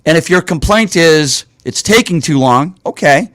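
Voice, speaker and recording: A man's voice: fairly high pitch, expressive, moderate pace, a bit bright, no echo, studio quality. A man hosting a talk show, delivering political commentary in an indignant, ranting way and repeating points for emphasis.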